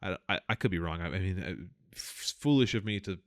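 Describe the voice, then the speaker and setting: A man's voice: sits low, lively intonation, a little fast, fairly bright tone, no room sound, clean studio sound. A man co-hosting a podcast, talking in a casual, rambling, profane way with many fillers and restarts. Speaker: podcast co-host. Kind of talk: casual political chat.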